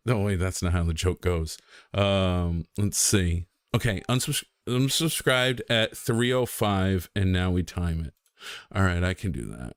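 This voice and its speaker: Young guy rambling on his stream, kinda low voice, dry close sound, lots of ums. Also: animated, normal speed, clean tone, no echo. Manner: rambling, self-deprecating, many ums and restarts. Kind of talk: casual rambling stream chat.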